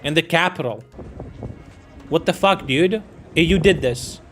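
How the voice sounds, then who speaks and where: A man's voice: a little high, measured pace, a little hiss or hum. A man live-streaming, reading out war news headlines and commenting on them in a casual, irreverent way, swearing and laughing as he goes and stumbling over names.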